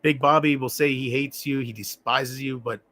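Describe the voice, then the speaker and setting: A man talking alone on a livestream, rambling and reflective, often halting and restarting his sentences. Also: mid-range voice, steady tone, pushed and bright. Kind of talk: rambling solo livestream talk.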